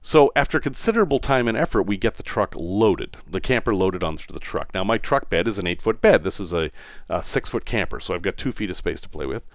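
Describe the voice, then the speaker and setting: A man's voice: deep voice, lively intonation, brisk, no room sound, clean studio sound. A man with a Boston accent hosting a podcast, telling a story in a wry, self-deprecating way while in some pain. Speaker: podcast host. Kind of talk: casual storytelling monologue.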